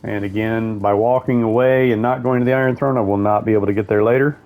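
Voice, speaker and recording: A man's voice: lowish voice, fairly even intonation, fast talker, darkish tone, faint music behind. A man giving casual let's-play commentary, rambling and thinking aloud as he plays, correcting himself as he goes. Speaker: gameplay commentator.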